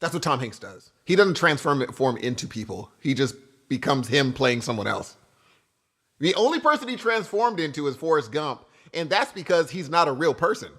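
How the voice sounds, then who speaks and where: A man co-hosting a podcast, giving opinions in animated casual banter. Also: on the high side, moderate pace. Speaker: podcast co-host. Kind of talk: casual chat.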